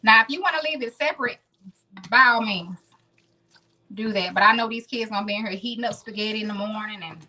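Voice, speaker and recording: A woman in her late thirties talks to her viewers while she cooks in her home kitchen, relaxed and chatty. Her voice has a bright, forward edge at a mid pitch, and a faint hiss sits under it. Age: 30s. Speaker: home cooking show host. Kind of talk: casual live cooking stream.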